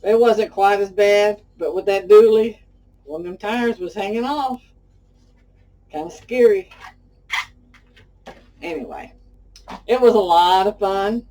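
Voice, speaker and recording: A middle-aged Southern woman from Texas hosts a homey cooking demo, calling her viewers "y'all" and drifting into chatty stories. Her voice is mellow and warm. It sits at a slight distance from the microphone. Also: mid-range voice, slow, long pauses. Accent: Texan Southern. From Pasadena, Texas. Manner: folksy and talkative, addresses viewers as y'all. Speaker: cooking show host.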